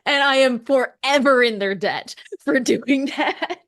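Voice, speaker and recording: A woman meteorologist from the United States, a podcast guest, telling stories in casual conversation with excited, laughing energy and quoted voices. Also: high-pitched, unhurried.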